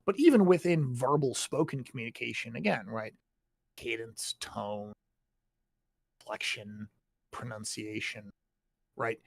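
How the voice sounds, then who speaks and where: A man's voice: medium pitch, unhurried, gravelly, long pauses, husky, no room sound. A man in a casual chat about writing, explaining his points and often checking in with tag questions.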